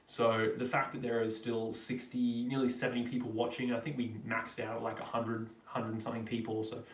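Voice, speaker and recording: A man's voice: medium pitch, level tone, a little fast. A young Australian man in his twenties, hosting a live-stream Q&A and answering viewers in a chatty, rambling way. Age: 20s. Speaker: vlogger host. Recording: roomy, distant from the mic.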